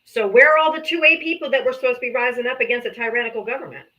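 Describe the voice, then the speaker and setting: A woman, a mother, hosting a live political talk stream in casual, animated chat, swearing freely. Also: on the high side, very fast, muffled recording. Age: adult mother. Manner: animated, swears freely, slips into comic voices.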